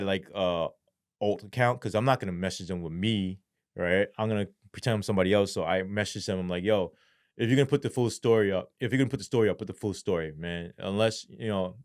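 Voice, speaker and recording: New guy telling a story on a podcast, lots of cursing, acts out what people said. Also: low-pitched. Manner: profane, animated retelling with acted-out quotes. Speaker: interview guest, former police sergeant. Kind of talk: casual storytelling.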